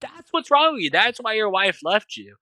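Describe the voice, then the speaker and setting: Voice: mid-range voice, big pitch swings, sharp tone, no echo, pitched above the performer's own voice. A reviewer voicing a furious trapped woman doctor who scolds hard and curses while retelling a film scene. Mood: angry scolding. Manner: heated, cursing, rapid blame.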